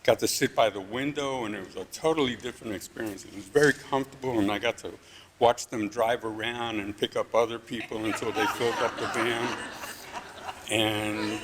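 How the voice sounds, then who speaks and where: A man telling a story on stage at a live story slam, in a dry, understated, deadpan way. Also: medium pitch, slight background noise.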